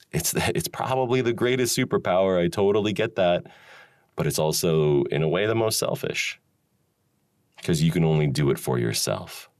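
A man's voice: rumbling low, gravelly, darkish tone, no room sound, clean studio sound. A man hosting a solo talk, rambling and musing with frequent chuckles and restarts. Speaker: podcast host. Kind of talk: solo reflective monologue.

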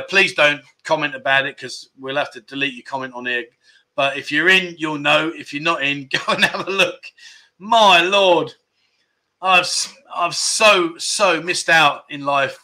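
A man hosts a casual livestream, reading out comments and thanking viewers by name. His voice is very bright and sits a little high, and he keeps the tone jokey and chatty. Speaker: livestream host.

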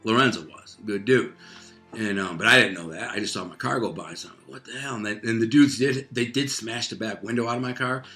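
A man's voice: lowish voice, fairly quick, pushed and bright, faint music behind. A man casually telling a personal story in loose, profane street talk, full of fillers like "man" and "like.".

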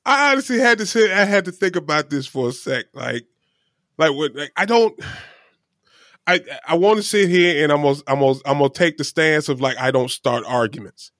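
A man's voice: a little high, expressive, fairly quick, fairly bright tone, no room sound, clean studio sound. A man co-hosting a casual chat, talking in a frank, rambling way and swearing casually. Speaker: podcast co-host.

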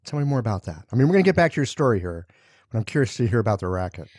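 A man's voice: lowish voice, big pitch swings, rapid-fire, a little mellow, husky, no room sound, studio quality. A man hosting a casual interview, asking curious follow-up questions. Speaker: podcast host.

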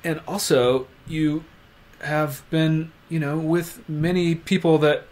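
Thoughtful male host with a high voice. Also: flat delivery, takes it slowly, darkish tone. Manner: thoughtful, rambling questions. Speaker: interview host. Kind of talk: conversational interview.

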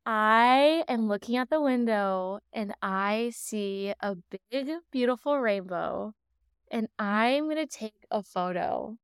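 A woman's voice: a little high, takes it slowly, clean tone. A woman in her late twenties hosting a solo podcast, talking in a bubbly, effusive way and gushing with wonder. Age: 20s. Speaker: podcast host. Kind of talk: casual solo podcast monologue.

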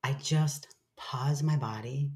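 Very deep-voiced woman sharing openly. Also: slow pace, darkish tone. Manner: reflective, swears casually, acts out own self-talk. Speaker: guest. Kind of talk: candid conversational sharing.

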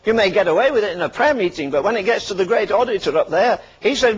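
A man's voice: sits high, expressive, quick pace, few pauses, husky, highs cut off. An older man preaching a fervent sermon, firing punchy rhetorical questions and dropping dry asides between warnings.

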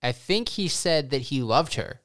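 A woman's voice: extremely low pitch, lively intonation, a little slow, fairly bright tone. A woman co-hosting a podcast, chatting casually about a TV episode with dry, teasing humor. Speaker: podcast co-host. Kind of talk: casual recap chat.

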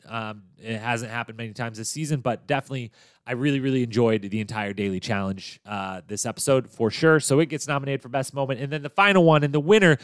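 A man hosts a podcast and talks casually through a recap, upbeat and chatty with plenty of fillers and restarts. His voice is smooth and resonant at an ordinary pitch. The recording is dry and close, with no room sound. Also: no room sound. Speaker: podcast host.

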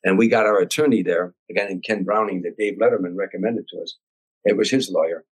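An older man from Chicago, a comedian telling a long anecdote as a podcast guest, animated and acting out voices and sounds. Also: deep voice, fast talker, slightly rough, rough recording. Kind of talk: storytelling anecdote.

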